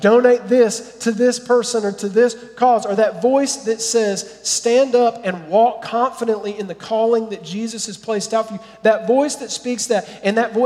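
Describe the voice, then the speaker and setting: Man, pastor, sermon, high voice, animated preaching, long hall reverb. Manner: animated preaching that drops to soft, quiet prayer.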